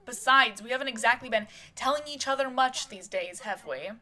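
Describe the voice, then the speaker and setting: A woman's voice: a little high, a little fast. Woman voicing a furious defensive husband. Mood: shouting angrily. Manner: shouting, heated and defensive. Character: bitter angry middle-aged husband.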